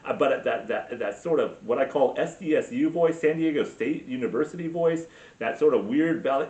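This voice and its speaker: A man's voice: mid-range voice, lively intonation, normal speed, darkish tone. A man hosting a podcast, ranting crudely and sarcastically, full of swearing and filler words. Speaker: podcast host. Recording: roomy, distant, dull sound.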